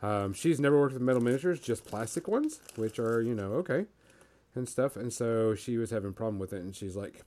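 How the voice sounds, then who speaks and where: A man of middling pitch hosts a laid-back hobby talk show. He rambles through his points with plenty of ums and uhs. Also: brisk, mellow. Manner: rambling, many fillers. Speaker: podcast host. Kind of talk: casual hobby chat.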